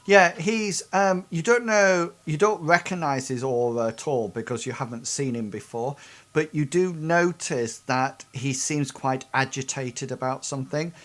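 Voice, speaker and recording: A man narrating as game master, describing scenes in a halting way with frequent restarts. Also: medium pitch, a bit bright.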